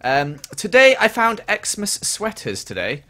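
A man's voice: high voice, huge pitch swings, measured pace, bright, forceful tone. A young man chatting casually on a gaming livestream and answering viewer questions as he plays.

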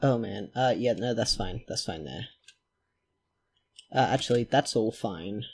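A man giving chatty gameplay commentary, talking to himself and his characters and quickly getting excited. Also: medium pitch, gravelly, husky. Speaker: let's play host.

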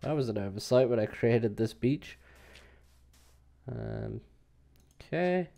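A man's voice: mid-range voice, expressive, slow, warm tone. A man giving casual gameplay commentary as a let's play host, rambling and hesitant with many fillers.

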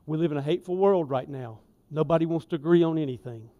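A man preaching a sermon in a church, folksy and conversational, with emphatic asides and swings in loudness. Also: a little high, fast talker, narrow, tinny audio. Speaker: lay preacher. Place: church sanctuary.

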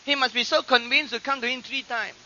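A man preaching a sermon, teaching from scripture and acting out quoted voices with animated emphasis. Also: very high voice, fairly quick, a little hiss or hum. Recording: dull lo-fi archive recording.

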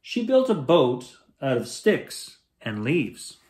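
A man's voice: mid-range voice, huge pitch swings, slow pace, a little mellow. A man reading a children's picture book aloud as a bedtime story, switching into voices for the characters. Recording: roomy echo.

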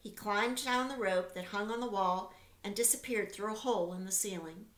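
A woman teacher reading a children's book aloud with expressive storytelling, recorded with a roomy echo. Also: medium pitch, moderate pace.

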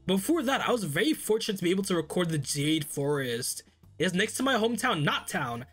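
Excitable, animated male let's play host. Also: sits high, fairly quick, slightly rough, faint music behind. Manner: excitable, laughing, slangy. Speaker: gaming channel host.

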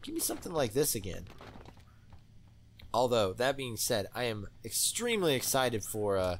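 A young man hosts a let's play, rambling excitably through gaming commentary with lots of fillers. His pitch sits in the middle and jumps around a lot as he reacts. A faint background ambience sits under the voice. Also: moderate pace, a little hiss or hum.

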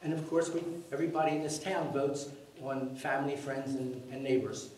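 A man's voice: medium pitch, fairly even intonation, fairly quick, darkish tone. A man making a public comment at a school board meeting, telling a long, rambling story in a blunt, emphatic way and swearing freely. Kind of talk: rambling spoken anecdote. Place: large meeting hall. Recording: very echoey hall, mic far off, faint noise.

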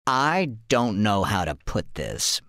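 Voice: mid-range voice, very animated, takes it slowly, a bit bright, no room sound, clean studio sound, exaggerated voice. A voice playing a smug self-important man. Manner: smug boasting.

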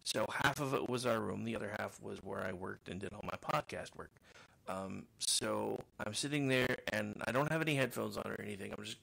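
Middle-aged male podcast host, heavy vocal fry, radio-trained voice, loose self-deprecating rambler. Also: lowish voice, a little fast, pushed and bright. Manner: rambling, self-mocking storyteller with frequent restarts. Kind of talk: casual monologue.

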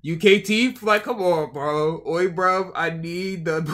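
A man's voice: fairly high pitch, slow, a bit bright. A man streaming a casual reaction to a video, slangy and rambling, repeating himself often.

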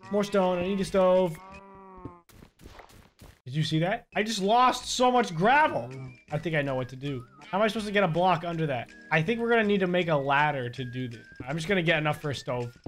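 A young man with a high, bright voice chatters through a game, swinging between mumbled asides and excited yells. He talks straight to his viewers like a casual video host, with faint music playing behind him. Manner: hyped, shouts at mobs, talks to viewers. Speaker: gaming video creator. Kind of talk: excited gameplay commentary.

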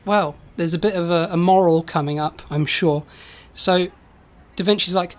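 A woman co-hosting a comedy podcast, telling a silly story in a rambling, halting way with many repeated words. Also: fairly low pitch. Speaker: podcast co-host.

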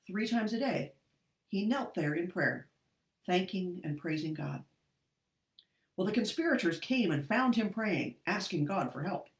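A woman's voice: on the low side, animated, a little slow, long pauses, reverberant, poor audio. A woman teaching an online Bible lesson, reading scripture expressively and adding jokey asides, heard over an online call.

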